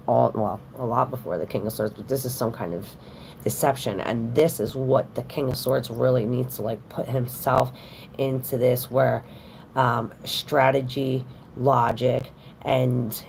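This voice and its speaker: Woman, tarot reader, chatty livestream talk, extremely low voice, unhurried delivery. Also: creaky, darkish tone, a little hiss or hum. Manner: chatty, talks straight to viewers, lots of fillers. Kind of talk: casual livestream tarot reading.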